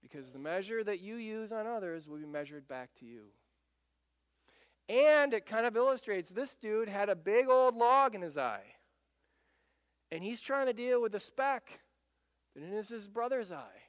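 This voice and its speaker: A male pastor preaches in a relaxed, conversational way, with a high and smooth, resonant voice. His words carry through a large church sanctuary with a long reverb tail. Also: measured pace. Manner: conversational preaching, acting out quotes. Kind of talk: sermon.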